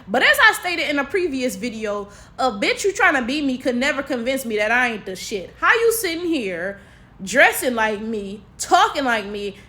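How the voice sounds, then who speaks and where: A woman's voice: high voice, pushed and bright. A woman with an African American English accent, giving casual opinion commentary in a chatty, sassy way, with frequent tag questions. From United States. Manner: chatty, sassy, full of tags like "right?". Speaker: commentary vlogger.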